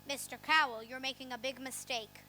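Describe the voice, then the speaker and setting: A woman's voice: high-pitched, steady tone, a little fast, sharp tone, a little hiss or hum, low-quality recording. A woman playing a polite, proper small-town piano teacher in an amateur stage musical.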